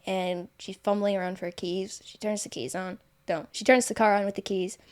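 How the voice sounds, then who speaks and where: A woman's voice: mid-range voice, steady tone, brisk. Rambling young woman telling a story. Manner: rambling, many fillers and self-corrections. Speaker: guest author. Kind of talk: casual storytelling.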